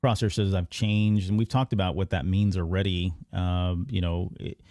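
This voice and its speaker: A man hosting a podcast, casually recapping an animated episode in a rambling way. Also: sits low, moderate pace, no echo, clean studio sound. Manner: rambling recap with many fillers and restarts. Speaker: podcast host. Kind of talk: casual episode breakdown chat.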